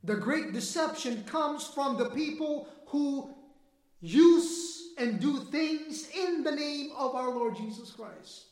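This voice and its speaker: A man delivers a sermon, pressing his points with emphatic, swelling force that nears a shout. His voice sits remarkably high for a man. The room around him rings with echo. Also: lively intonation, slow. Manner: emphatic preaching, rising to near-shouting. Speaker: preacher.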